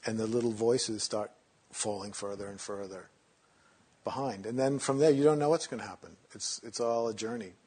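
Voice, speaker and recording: A man teaching meditation in a relaxed, conversational way, sometimes acting out inner voices in a mocking tone. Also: lowish voice, moderate pace, breathy edge.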